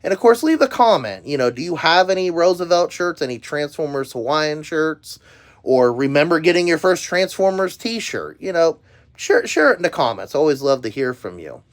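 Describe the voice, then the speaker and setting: A man's voice: a little high, big pitch swings, moderate pace. A middle-aged man hosting a casual product review video, rambling with frequent ums and uhs and restarts. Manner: rambling, filler-heavy with frequent um and uh. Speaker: YouTube host reviewing merchandise.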